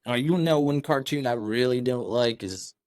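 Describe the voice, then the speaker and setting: A man's voice: mid-range voice, normal speed, darkish tone, dry recording, studio quality. A young man co-hosting a podcast, easygoing, reacting with short laughs and quips. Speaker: podcast co-host. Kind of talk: casual chat.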